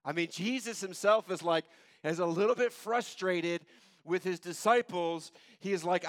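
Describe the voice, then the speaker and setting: A man preaching a sermon, retelling scripture in casual everyday words and swinging between loud urgency and quiet, low intensity. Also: moderate pace, no echo. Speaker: pastor.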